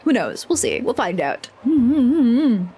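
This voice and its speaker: A woman's voice: on the high side, sing-song, slow, mellow, slightly rough. A woman livestreaming a role-playing game, chatting with viewers in a rambling, profane, self-mocking way. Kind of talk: casual gameplay chat with viewers.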